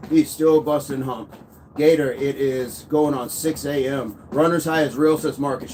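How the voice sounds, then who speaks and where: A man's voice: a little high, a little mellow. A man in his thirties hosting a live fitness stream, walking on a walking pad as he reads viewer comments aloud in an upbeat, chatty way. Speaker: fitness livestream host. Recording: faint background noise.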